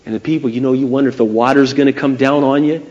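A man preaching a sermon, retelling stories in an animated way and speaking straight to his listeners. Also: mid-range voice, quick pace, dull audio.

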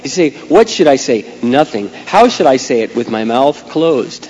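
A middle-aged man preaching a sermon as a pastor, swinging from quiet asides to loud, emphatic outbursts. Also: mid-range voice, very animated, normal speed, a faint crowd. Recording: long hall reverb, faint hum.

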